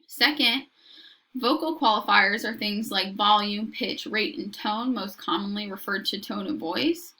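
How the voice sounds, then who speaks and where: A woman lecturing in a measured, explanatory way, now and then restarting a word. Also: medium pitch, bright, forceful tone. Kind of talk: recorded lecture.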